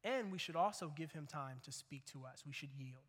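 A male pastor delivers a sermon in a casual, heartfelt way, often repeating words as he builds a point. His voice sits high and bright for a man. The sound carries a long reverb of a large church hall. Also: lively intonation, moderate pace, breathy edge. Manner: conversational, earnest, repeats phrases for emphasis.

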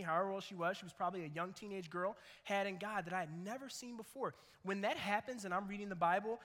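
A man's voice: high-pitched, pushed and bright. A man preaching a sermon as pastor, conversational and earnest, repeating phrases for emphasis. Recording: long reverb of a large hall.

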